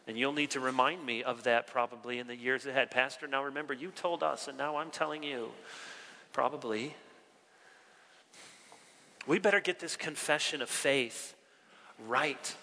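A man preaching a sermon as pastor, animated with wry asides and slowing down for emphasis. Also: mid-range voice, big-room sound.

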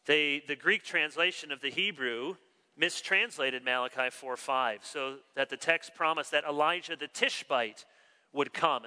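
Bright animated preacher in a reverberant hall. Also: male voice, a little high. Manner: animated preaching, wry asides, slows for emphasis. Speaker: pastor. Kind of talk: sermon.

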